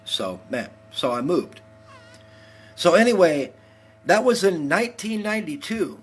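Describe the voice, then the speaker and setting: A man's voice: high voice, very animated, measured pace, pauses often, husky. A man in his forties from Texas, hosting a heated, profane rant on his live stream. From El Paso, Texas. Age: 40s. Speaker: livestream host.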